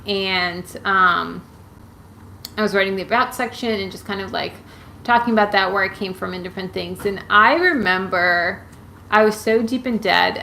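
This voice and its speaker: A woman's voice: mid-range voice, gravelly, bright, forceful tone, a little hiss or hum, low-quality recording. A woman chatting casually on a live stream, rambling with many fillers and restarts as she answers viewers' comments. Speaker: YouTuber answering viewer questions.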